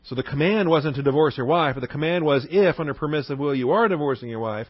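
A man's voice: fairly high pitch, quick pace, husky, no room sound. Emphatic preaching man, dull dry recording. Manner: emphatic, rhetorical questions, repeats key points. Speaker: pastor. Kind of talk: expository sermon.

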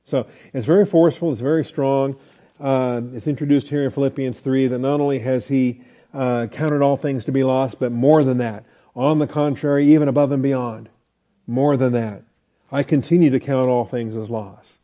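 A man's voice: medium pitch, steady tone, moderate pace, warm tone, muffled recording. A man teaching a Bible study lecture in a conversational way, asking the class questions and restarting his sentences.

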